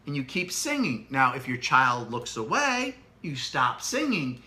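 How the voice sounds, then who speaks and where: A middle-aged man co-hosting a casual parenting chat, animated and demonstrative as he explains. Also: medium pitch, measured pace, few pauses. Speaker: co-host, parent.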